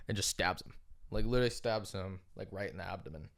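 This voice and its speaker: A man with a slightly low voice chats casually as a podcast co-host. He rambles through a long retelling, leaning on "like" fillers and dropping casual swear words. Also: fairly even intonation, quick pace. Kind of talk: casual chat.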